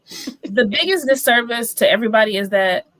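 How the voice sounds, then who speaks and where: A woman's voice: on the high side, animated, fast, fairly bright tone, no room sound. A woman guest on a podcast in casual chat, frank and sometimes searching for words.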